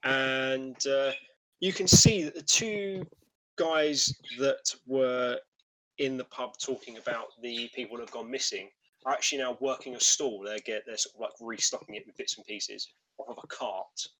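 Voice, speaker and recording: A man narrating a tabletop game as game master, relaxed and full of fillers. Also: mid-range voice, moderate pace, low-quality recording. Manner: relaxed, many fillers and restarts.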